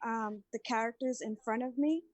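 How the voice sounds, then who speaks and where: A woman's voice: on the high side, moderate pace, darkish tone, no room sound. A woman playing a tabletop game, asking questions about the rules. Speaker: player. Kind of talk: casual chat at a game table.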